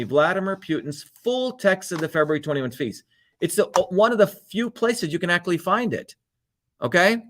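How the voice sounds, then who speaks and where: A man's voice: on the high side, a bit bright, a little hiss or hum. A man hosting his own live show, delivering a fiery, blunt and profane monologue. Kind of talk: livestream monologue.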